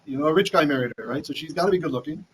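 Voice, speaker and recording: A man's voice: on the high side, rapid-fire, a little hiss or hum, poor audio. Chatty man teaching Bible verses. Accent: Ashkenazi Hebrew reading. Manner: chatty, many restarts, asks "right?". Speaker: Torah teacher. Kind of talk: casual Bible lesson.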